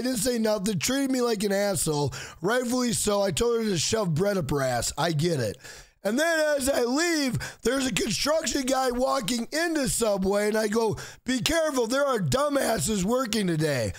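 A man, hosting an exasperated storytime vlog about a bad fast-food visit. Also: extremely high pitch. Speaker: channel host.

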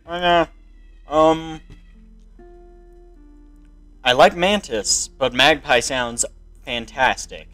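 A man giving casual, excitable commentary while playing a card game, reading its text aloud and exclaiming at the plays. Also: a little high, drawn-out words, pauses often, soft background music. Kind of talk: casual let's-play commentary.

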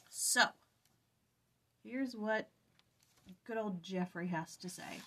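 A woman's voice: medium pitch, takes it slowly, long pauses, sharp tone. A woman hosting an early-morning scripture study, chatting casually and thinking aloud as she reflects.

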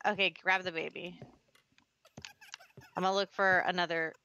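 A young woman playing a co-op horror game, calmly planning the next steps for her partner. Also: fairly low pitch, normal speed, lo-fi sound, a little hiss or hum. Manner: calm, directing, plans next steps. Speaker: co-op gaming partner. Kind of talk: casual gameplay chat.

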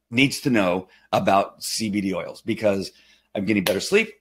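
Chatty guy on a livestream, lowish voice, gets excited and rambles. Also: moderate pace, breathy edge. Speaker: live stream host. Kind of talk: casual live stream talk.

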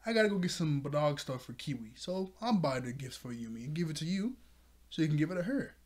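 A man's voice: on the high side, expressive, quick pace. A man voicing a laid-back teenage boy prankster in a casual recap, breezy and reassuring.

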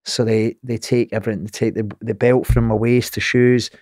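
A middle-aged Scottish man with a thick Glaswegian accent spins a wild story as a podcast guest. He talks in an animated way, swears often and laughs through it, in a mid-range voice with a dry, close sound. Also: medium pitch, a little fast, no echo. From Scotland.

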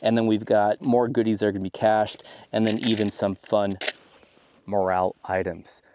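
Low, mellow man explaining step by step. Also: normal speed, a little hiss or hum. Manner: relaxed, explaining step by step with many "uh" fillers. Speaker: host of a radio and preparedness channel. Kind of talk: casual explanatory tutorial.

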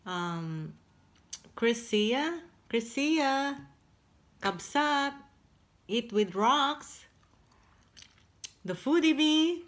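A woman chatting casually in a mukbang video, pausing to eat between halting words. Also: a little high, big pitch swings. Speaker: eating-show vlogger.

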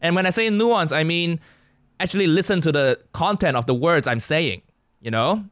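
A man's voice: a little high, moderate pace, fairly bright tone, dry recording, studio quality. A young man from Asia, a comedian and guest on a casual podcast, laying out his view point by point. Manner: lays out his argument point by point.

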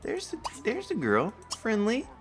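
Guy narrating his game, super lively pitch, slow easy pace, game music behind. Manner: chatty, talks to the game characters, jumps pitch for surprise. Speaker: gameplay commentator. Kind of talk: casual let's play commentary.

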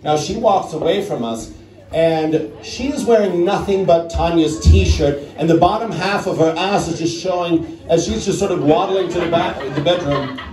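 A man's voice: fairly high pitch, moderate pace, music in the background. A man with an American accent telling a long story on stage as a stand-up comedian, chatty and conversational, often tagging lines with "right?". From Netherlands. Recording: echoey room, from far off, crowd. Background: audience laughter.

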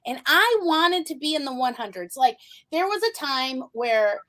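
A woman guest telling her story in a blunt, animated way during a casual interview chat. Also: high voice, a little slow.

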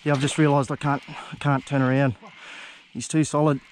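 An excitable Australian man chatting with a mate while fishing on a river, recorded outdoors on a camera mic. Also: mid-range voice, normal speed, slight background noise. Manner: excitable, laughing banter with a mate. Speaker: fishing vlogger. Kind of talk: casual chat while fishing.

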